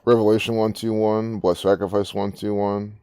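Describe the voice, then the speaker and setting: A man's voice: lowish voice, flat delivery, normal speed, dark tone, smooth, no echo, clean studio sound. A man giving rambling, profane, incredulous commentary while reading social media posts. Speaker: online commentator.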